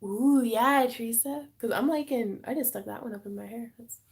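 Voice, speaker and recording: A woman hosts a craft livestream from her home craft room, chatting with viewers and giggling as she demonstrates wire wrapping in a casual tutorial. Her voice is on the high side, creaky with a breathy edge, at normal speed.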